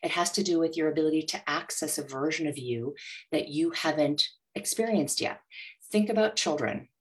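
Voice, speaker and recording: A woman who is a money coach, speaking as a guest in an interview and acting out inner voices with animated energy. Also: low voice, moderate pace. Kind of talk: motivational interview talk.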